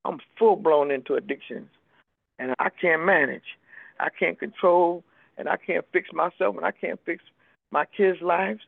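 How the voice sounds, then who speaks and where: Older woman, personal testimony, very gravelly voice, emphatic storyteller, tinny phone-like radio sound. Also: on the low side, unhurried, dry recording. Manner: emphatic storytelling, voices the people she quotes. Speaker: speaker sharing a recovery story.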